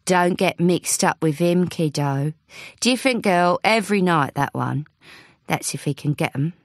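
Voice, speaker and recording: A woman's voice: fairly low pitch, lively intonation, unhurried, no room sound, clean studio sound. A woman voicing a wry, gossipy older housekeeper who talks in a knowing, motherly way. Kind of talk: audiobook character voice.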